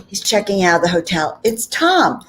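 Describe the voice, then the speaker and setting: A woman's voice: mid-range voice, moderate pace, a little hiss or hum. A woman hosting a spiritual talk channel, telling a personal story in a chatty way with frequent "okay?" and "you know" asides. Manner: animated anecdote with frequent 'okay?' and 'you know' asides.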